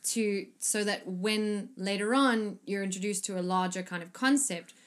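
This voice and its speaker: A woman's voice: mid-range voice, moderate pace. Chatty woman acting out film scenes. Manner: animated, acts out lines from scenes; frequent fillers and swearing. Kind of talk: casual chat about a film.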